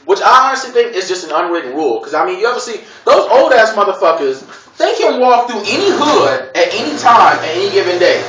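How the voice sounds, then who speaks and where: Casting: male stand-up comic from Gary, Indiana, high and bright voice, profane and rambling, recorded in an echoey room. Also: big pitch swings, a little fast, far from the mic. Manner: loose, profane, digressive storytelling with exaggerated voices. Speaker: stand-up comedian. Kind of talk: stand-up comedy routine.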